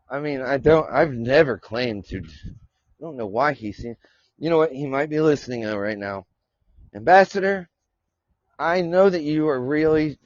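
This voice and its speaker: A man's voice: fairly high pitch, dry recording. Rambling, profane man on a lo-fi mic. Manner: rambling, profane, laughs often. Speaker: podcast host. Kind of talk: casual live-stream chat. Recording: dull lo-fi sound.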